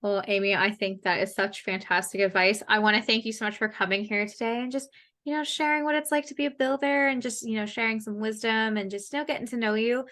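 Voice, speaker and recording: A woman with a Canadian accent hosting a casual podcast chat, animated and swearing freely. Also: a little high, quick pace. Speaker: podcast host.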